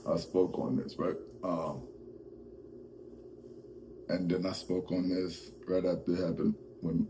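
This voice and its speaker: A man's voice: low-pitched, warm tone, a little hiss or hum, poor audio. A male host giving casual, comedic commentary, laughing often and rambling with fillers.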